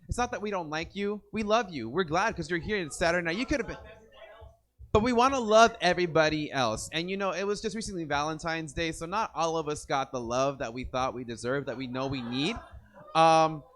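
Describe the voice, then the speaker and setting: A man's voice: a little high, lively intonation, brisk, fairly bright tone. A young man emceeing a poetry slam in a loose, rambling, joking way, hyping the crowd. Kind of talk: casual emcee banter to a live crowd. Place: indoor poetry venue with audience.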